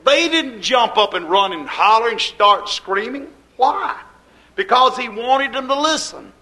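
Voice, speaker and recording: A man with a high voice preaches a fervent sermon as pastor. He asks rhetorical questions in folksy grammar and swings between loud and hushed. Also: lively intonation, measured pace, low-quality recording.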